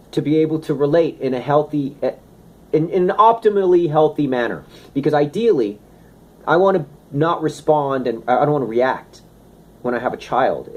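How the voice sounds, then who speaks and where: A man giving a casual, animated talk on health and wellness, slipping into playful asides. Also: fairly high pitch, slightly rough. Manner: animated, conversational, slips into playful impressions. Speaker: wellness speaker.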